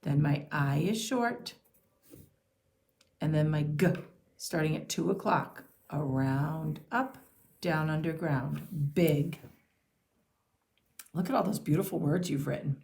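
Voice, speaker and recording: A woman teaching young children to sound out and write simple words, speaking slowly and clearly. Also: deep voice, a little mellow. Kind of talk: early-reader phonics and handwriting lesson.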